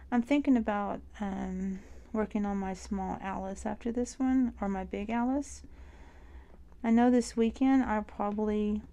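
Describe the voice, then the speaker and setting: A woman's voice: medium pitch, creaky, warm tone. A woman in her forties, chatting casually about her stitching projects in a rambling way. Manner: rambling and chatty, full of fillers. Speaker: cross stitch vlogger. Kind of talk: casual chat while stitching.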